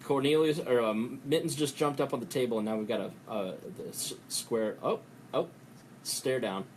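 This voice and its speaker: A man hosting a podcast, talking in a rambling, profane way and breaking into quick impressions. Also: mid-range voice, a little hiss or hum. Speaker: podcast host. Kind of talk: casual podcast chat.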